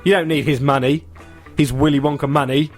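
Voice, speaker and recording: A man's voice: fairly high pitch, steady tone, fairly quick, soft background music. A man co-hosting a community radio comedy show, bantering casually and laughing often. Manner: jokey, laughs often, puts on silly voices.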